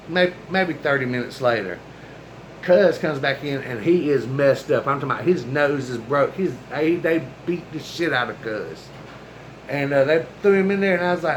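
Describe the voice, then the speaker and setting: Slangy storyteller man, fairly high voice. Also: animated, normal speed, a bit bright, slight background noise, low-quality recording. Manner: slangy, colloquial talk; acts out quoted dialogue. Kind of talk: casual storytelling.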